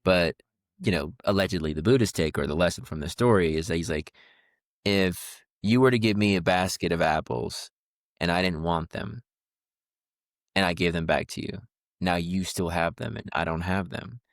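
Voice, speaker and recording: Podcast co-host, man, deep voice, rambling reflective chat, dry studio. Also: normal speed, no echo. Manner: rambling, many fillers and restarts. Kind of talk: casual conversation.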